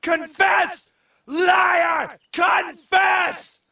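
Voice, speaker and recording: A very high, bright-voiced cartoon dad confesses in public and shouts out the accusations he imagines. It plays as a distant clip of a TV show, with faint music under it. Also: little pitch movement, very slow, gravelly, a faint crowd, exaggerated voice. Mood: shouting. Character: middle-aged cartoon father confessing in public. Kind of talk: animated TV cartoon dialogue.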